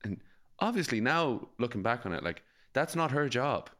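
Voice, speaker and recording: A man's voice: medium pitch, big pitch swings, normal speed, a bit bright. An Irish man from Galway, co-hosting a podcast and telling a rambling story in casual chat, full of fillers and swearing. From Ireland, Galway. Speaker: podcast co-host.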